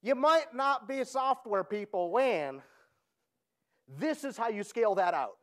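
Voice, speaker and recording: A man putting on an impression of a folksy southern male comedian, delivering a punchline in a slow drawl. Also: very high-pitched, expressive, a bit bright, pitched above the performer's own voice, heavily acted. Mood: joking.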